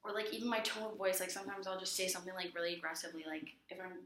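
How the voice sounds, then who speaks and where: A woman's voice: lowish voice, flat delivery, rapid-fire, a bit bright. A young woman talking casually as a counseling client, chatty with lots of fillers, often acting out what others say. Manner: chatty, many fillers, acts out quoted friends. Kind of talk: casual conversation. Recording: echoey room.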